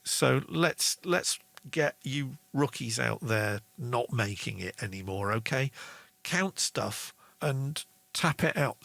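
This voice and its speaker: A man's voice: mid-range voice, vocal fry, a bit bright, no echo. A man hosting a casual songwriting lesson, chatty, reading out viewer comments. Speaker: songwriting show host.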